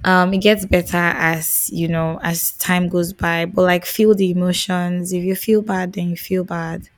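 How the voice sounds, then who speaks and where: A woman's voice: lowish voice, level tone, measured pace, dry recording. A Nigerian woman co-hosting a podcast, talking expressively in a casual chat and mixing Pidgin phrases into her English. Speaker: podcast co-host.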